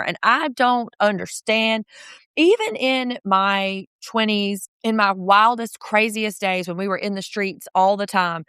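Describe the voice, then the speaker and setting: A woman in her thirties co-hosting a podcast, recapping reality TV in a casual, profane and sarcastic way, quoting people with lively put-on voices. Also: mid-range voice, smooth, dry recording, clean studio sound. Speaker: podcast co-host.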